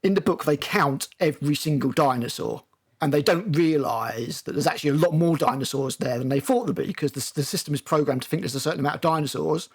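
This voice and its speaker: This film review host talks quickly with a British accent, his fairly high voice creaky and slightly rough. Through a casual discussion, he goes over scenes in long detail, often restarting and saying um.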